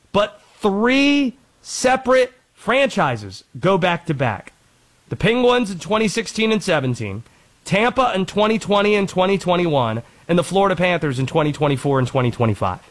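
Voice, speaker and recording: A man hosting a sports talk segment, his voice high and very animated, leaping up and down in pitch. He makes his points with emphatic, playful commentary. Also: a little slow.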